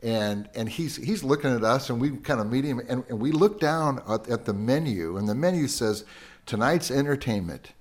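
A man's voice: medium pitch, moderate pace. An older American man, a podcast guest, telling a long story in a casual chat and quoting people with energy. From United States. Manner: lively storyteller who quotes people in raised voices.

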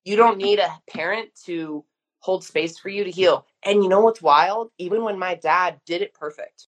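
A woman's voice: fairly low pitch, normal speed. A woman in her thirties speaking frankly and emphatically as a guest in a casual conversation. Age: 30s. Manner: frank, emphatic, uses mild swearing. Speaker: guest therapist.

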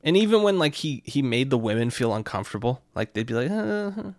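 A young man telling a night-out story in a profane, excitable way, constantly checking in with his listener. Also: medium pitch, fast, dry recording, studio quality. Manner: profane, excitable, keeps asking "right?". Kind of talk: casual anecdote.

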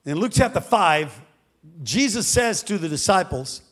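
A male pastor preaching a dramatic storytelling sermon that swings up to shouting. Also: sits high, big pitch swings, a little slow.

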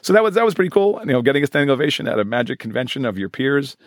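Fast-talking man in his forties. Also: mid-range voice, no echo, clean studio sound. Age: 40s. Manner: fast-talking, animated storyteller. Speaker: guest, professional magician. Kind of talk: storytelling in a podcast interview.

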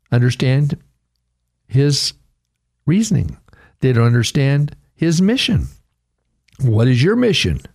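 A man preaching a radio sermon, earnest and conversational, his pitch rising sharply when he voices a quoted cry. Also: darkish tone. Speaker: radio pastor.

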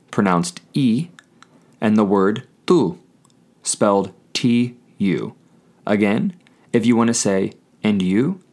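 A man with a fairly low voice leads a scripted language lesson. He speaks clearly and patiently, saying each phrase twice and slowing down to spell words out. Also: darkish tone. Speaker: Spanish language teacher.

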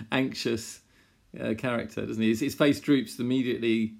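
A man co-hosting a casual chat, speaking in a measured way with frequent pauses and restarts. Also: mid-range voice, fairly even intonation, gravelly, darkish tone. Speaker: podcast co-host.

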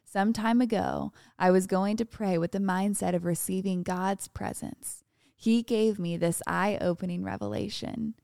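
A woman co-hosting a faith podcast, calmly reading a devotional passage aloud. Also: mid-range voice, unhurried, gravelly, no echo, clean studio sound. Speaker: podcast co-host.

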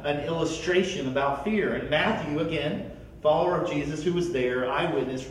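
A man preaches a sermon in a lively, animated way, doubling words as he launches each thought. His slightly high voice carries across a very echoey room from some distance off the mic. A faint hiss sits underneath. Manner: animated, repeats words when starting sentences. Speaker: pastor.

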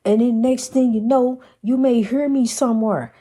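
A woman's voice: fairly high pitch, fairly even intonation, normal speed, warm tone, breathy edge. A woman hosting a Christian inspirational program, speaking in a folksy, down-to-earth way, calling listeners honey and repeating phrases with preacher-like emphasis. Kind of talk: casual spoken devotional message.

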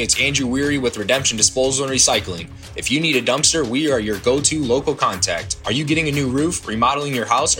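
A man at an average pitch reads a local dumpster-rental sponsor spot in a friendly, steady tone. Faint music plays underneath his voice. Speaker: owner of a local dumpster business reading a sponsor ad. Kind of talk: read advertisement.

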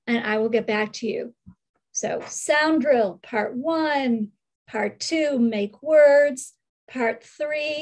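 A middle-aged woman, a reading specialist, slowly explaining literacy lesson steps and reading sample sentences in careful phrases. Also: sits high, a little mellow, low-quality recording. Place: screen-share recording.

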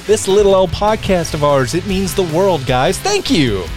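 A man's voice: sits high, animated, normal speed, music in the background. A man hosting a casual podcast, upbeat and jokey, rattling through plugs and chatting with his co-hosts. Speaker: podcast host.

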